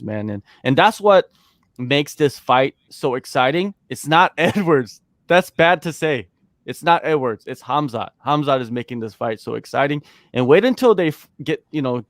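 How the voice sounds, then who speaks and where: A man's voice: mid-range voice, no room sound, clean studio sound. Emphatic male sports talk host. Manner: emphatic, animated, peppers talk with "man". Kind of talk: casual sports talk chat.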